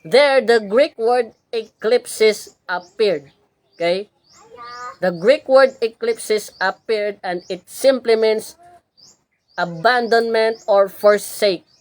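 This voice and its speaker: A woman's voice: on the high side, takes it slowly, no room sound. A woman with a Filipino Cebuano accent giving a religious lecture, repeating key words and checking in with "okay?" as she goes. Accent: Filipino, Cebuano-speaking. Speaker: religious teacher.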